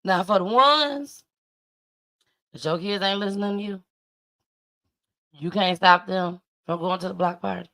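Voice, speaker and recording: Creaky-voiced woman preaching emphatically. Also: medium pitch, measured pace, pauses often, sharp tone. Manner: emphatic, preachy, repeats her points. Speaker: host commenting on news clips. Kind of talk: casual commentary.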